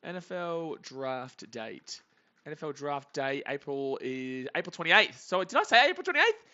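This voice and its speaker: High bright man streaming live. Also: a little slow, muffled recording. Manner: chatty, reads chat, bursts into excited shouts. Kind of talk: live game reaction stream.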